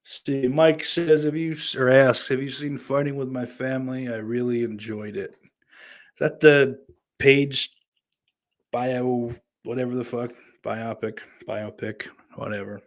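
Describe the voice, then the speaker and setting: A man's voice: medium pitch, steady tone, a little slow. Profane Southern-accented man riffing. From New York. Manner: profane, rambling, sardonic. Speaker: podcast host. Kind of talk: casual chat reading listener comments.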